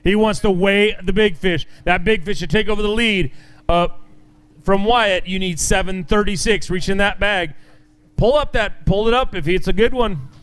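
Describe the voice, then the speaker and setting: A man's voice: high voice, moderate pace, a bit bright, clear, resonant tone. A man emceeing a fishing tournament weigh-in, announcing weights in an upbeat way and joking with the anglers.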